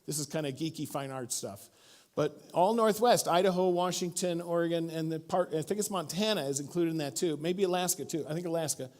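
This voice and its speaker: A man's voice: a little high, fairly quick. A middle-aged male pastor preaching a sermon, telling stories and acting out the quotes in them. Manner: storytelling, animated, acts out quotes. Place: church.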